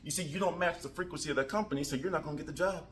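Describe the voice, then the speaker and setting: A man's voice: fairly high pitch, racing, fairly bright tone. A man talking casually to camera about spiritual growth, goofy and joking. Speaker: vlogger. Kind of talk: casual motivational talk.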